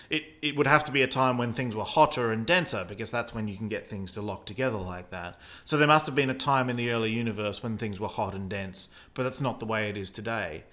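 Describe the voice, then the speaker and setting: Australian male science talker, bright edge, easygoing explainer. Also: medium pitch. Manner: explanatory, thinking aloud with fillers.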